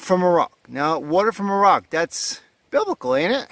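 A man's voice: high-pitched, lively intonation, a little fast, few pauses, fairly bright tone, no echo. A man chatting to himself in a casual hiking vlog, rambling and joking as he walks a forest trail outdoors. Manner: rambling, joking self-talk. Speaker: vlogger.

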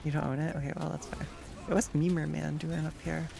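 A streamer chatting casually while playing a game, sarcastic and quick to react to chat and gameplay. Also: mid-range voice, flat delivery, vocal fry, over music.

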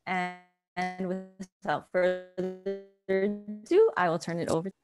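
A woman's voice: fairly low pitch, fairly even intonation, takes it slowly, over loud music. A woman facilitating an online event who gives brief, businesslike announcements over a video call.

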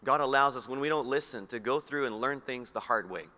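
Aussie guy preaching, reads scripture slow and low, asks the room questions, bright tone. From Australia. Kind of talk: sermon with scripture reading. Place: church hall. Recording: long hall reverb.

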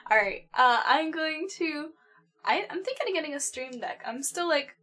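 A woman's voice: high-pitched, animated, normal speed, bright, forceful tone. A woman hosting a casual live stream while gaming, playful and giggly as she greets her chat. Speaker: streamer host.

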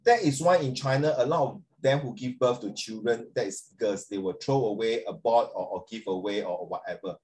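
A middle-aged male teacher talks his class through a lesson off the cuff. His voice sits at an ordinary pitch, and he rambles in a chatty way, slips into Mandarin and calls students by name. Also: fairly quick, few pauses, darkish tone. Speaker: secondary school English teacher. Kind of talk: classroom lecture, talking off the cuff.

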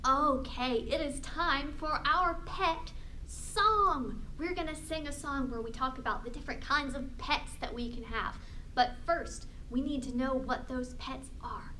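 A woman librarian leading a storytime for young children, talking in an animated, exaggerated sing-song way. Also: high voice, measured pace, slight background noise.

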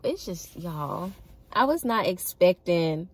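Chatty young woman vlogging, lower voice. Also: animated, takes it slowly, dry recording. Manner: chatty, laughs often, addresses viewers as y'all. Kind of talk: casual storytelling to camera.

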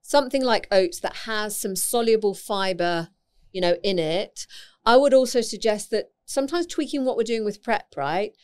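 Woman guest, naturopath, chatty and explanatory, mid pitch. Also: lively intonation, normal speed, clear, resonant tone. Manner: chatty, explanatory, laughs easily. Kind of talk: casual interview chat.

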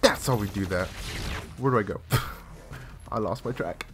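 A man commenting casually on his game as he plays, excitable and chatty, cursing and addressing his viewers often. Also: on the low side, unhurried, background noise. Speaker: gaming channel host.

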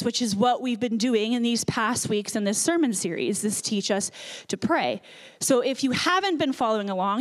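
A woman pastor delivers a sermon in a high-pitched voice. She tells her story with animated, earnest energy and speaks plainly to her listeners. She sounds middle-aged.

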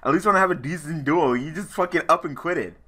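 A man's voice: on the high side, fast talker, sharp tone. A man giving casual commentary while playing an online card game, muttering his moves to himself and then laughing and ranting at an opponent who quit. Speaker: gaming channel host.

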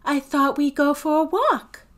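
This is a vain, sugary teenage girl from a storybook reading, sweet-talking in a bright, lifted voice, a woman doing the part. She coos every word to charm, pitched well above the reader's own tone, with a slow, careful delivery. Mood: pleading.

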